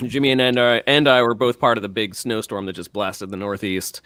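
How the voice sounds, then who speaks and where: A man hosting a casual podcast, animated and quick to laugh. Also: fairly low pitch, dry recording. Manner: animated, giggly. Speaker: podcast host. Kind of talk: casual chat.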